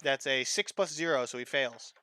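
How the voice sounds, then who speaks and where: A man's voice: mid-range voice, normal speed, background noise. A man acting as dungeon master, casually narrating a tabletop game with plenty of fillers.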